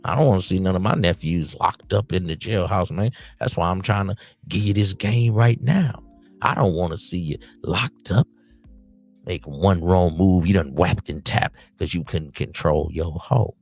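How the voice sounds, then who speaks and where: A man with a very low, gravelly voice runs a loose late-night podcast stream. He lectures his listeners like an uncle handing out hard-won street advice, with faint music playing behind him. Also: moderate pace, darkish tone. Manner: streetwise, preachy advice to "nephews". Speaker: podcast host. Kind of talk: casual late-night livestream monologue.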